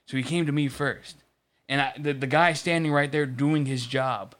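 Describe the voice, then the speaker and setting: Man, casual chat, rambling storyteller, swears, smooth clear voice. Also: medium pitch, fairly even intonation, moderate pace, fairly bright tone. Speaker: podcast co-host.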